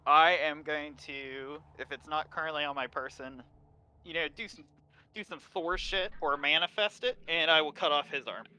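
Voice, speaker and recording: Man, tabletop player, casual, very bright edgy voice. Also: on the high side, steady tone, moderate pace, smooth, low-quality recording. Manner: casual, questioning.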